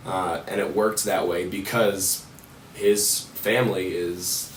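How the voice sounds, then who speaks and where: A deep-voiced man with a New Jersey accent talks in an easygoing, casual way and laughs often. He sits back from the mic, so his voice carries a roomy echo. Faint room noise sits behind him. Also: slow, recorded from a distance. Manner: relaxed, laughs easily. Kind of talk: casual chat.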